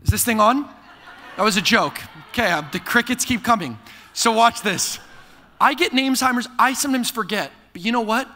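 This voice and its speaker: A young man preaching a lively sermon to a live audience, joking and asking them to repeat lines after him. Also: extremely high pitch, fairly quick, slight background noise. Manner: energetic, playful preaching with call-and-response jokes. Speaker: pastor. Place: church hall before a live audience. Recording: long reverb of a hall.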